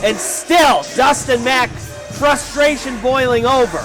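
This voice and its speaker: A male play-by-play commentator calling a wrestling show, often shouting his calls. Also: very high-pitched, slow pace. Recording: commentary over loud arena crowd and music.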